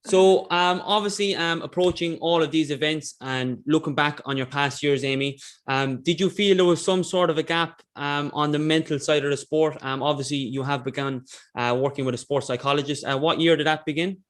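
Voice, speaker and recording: A man hosting a podcast, asking interview questions in a halting way with many "um"s. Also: a little high, a bit bright. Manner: halting, with frequent "um"s. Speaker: podcast host.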